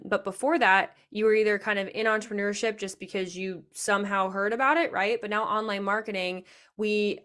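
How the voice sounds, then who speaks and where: A woman's voice: medium pitch, fairly bright tone. Woman, podcast host, chatty, reflective, casual conversation. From Nebraska. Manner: chatty, reflective, many fillers.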